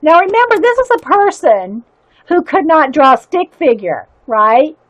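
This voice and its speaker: Woman host, high pitch, dry close sound, chatty and giggly, halting when reading aloud. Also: very animated, no echo. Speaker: livestream host showing zines. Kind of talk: casual livestream chat and reading aloud.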